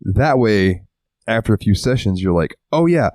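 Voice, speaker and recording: A man's voice: fairly low pitch, normal speed, darkish tone, dry recording. A man co-hosting a casual podcast, rambling and swearing freely, acting out little quotes as he talks. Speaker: podcast co-host. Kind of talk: casual chat.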